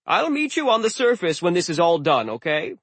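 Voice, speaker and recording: Man doing a cheery grandfatherly sea god, high and breezy, storybook. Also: big pitch swings, fairly quick, a bit bright, breathy edge, dry recording, heavily acted. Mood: cheerful. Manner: jovial, breezy.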